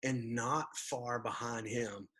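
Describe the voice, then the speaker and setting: A man's voice: mid-range voice, steady tone, slow pace, pushed and bright, breathy edge. A man who is a pastor, talking earnestly in a casual church podcast conversation and reading scripture aloud.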